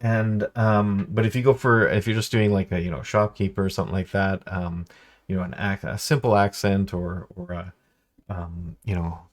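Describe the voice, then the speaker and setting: A man chatting casually as a game master host, easygoing and meandering. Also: sits low. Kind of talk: casual instructional chat.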